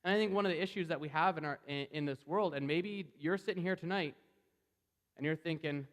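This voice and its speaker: A man preaching a sermon in a conversational, animated way, acting out the voices he quotes. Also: on the high side, fairly quick, big-room sound.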